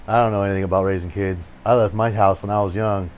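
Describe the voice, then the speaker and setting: A man voicing a gentle, nervous male bard who talks softly and hesitantly. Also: lowish voice, steady tone, quick pace, slight background noise, pitched below the performer's own voice, close to an everyday voice. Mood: wistful.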